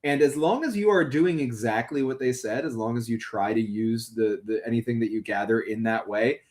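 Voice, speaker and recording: A man's voice: mid-range voice, brisk, a little mellow. A man acting as game master, explaining the rules of a tabletop game with many fillers.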